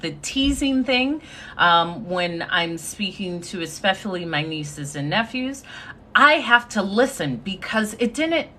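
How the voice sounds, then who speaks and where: Bright, slow-talking motivational woman. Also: on the high side. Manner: confident, sassy, talks to live viewers. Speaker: motivational speaker. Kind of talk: motivational live-stream talk. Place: indoors, streaming live. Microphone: phone.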